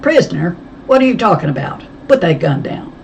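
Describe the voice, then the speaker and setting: A woman's voice: lowish voice, sing-song, a little fast, vocal fry, a little mellow, lo-fi sound, slight background noise. A woman voicing a sneering drunk father. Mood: scornful. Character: tough gruff abusive man, a drunk father. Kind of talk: audiobook character voice.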